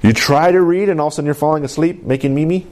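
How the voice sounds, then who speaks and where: A man preaching a sermon in an animated call-and-response manner, often asking for an amen and laughing. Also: on the high side, very fast. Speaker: pastor.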